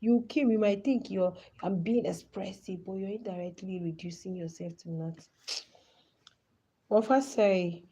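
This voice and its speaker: Nigerian lady ranting on her live stream, worked up and begging, dark mellow tone. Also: mid-range voice, moderate pace, muffled recording. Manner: impassioned, pleading.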